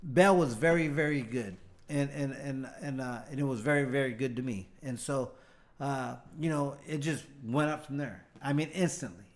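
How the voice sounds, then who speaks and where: Speaking at normal speed with a medium pitch, a middle-aged ex-fighter now working as a bail bondsman appears as an interview guest. His long stories ramble, with restarts and acted-out dialogue from other people.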